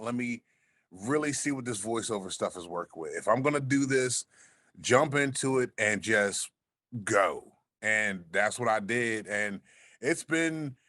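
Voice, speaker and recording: A man with a deep, smooth voice, chatting as a podcast guest and telling a laid-back story, swearing freely. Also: sharp tone, no room sound, clean studio sound. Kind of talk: casual chat.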